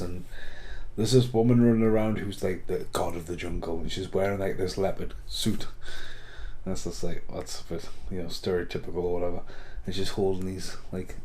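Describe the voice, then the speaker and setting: A man's voice: deep voice, warm tone. A man rambling casually through a film review vlog, swearing a lot and laughing at the films.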